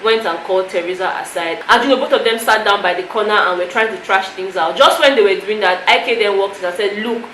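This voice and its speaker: A woman's voice: medium pitch, fast talker, hardly any pauses, a bit bright. A woman recapping a reality show to camera in a chatty, emotional way, full of "you know" fillers. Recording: echoey room with faint noise.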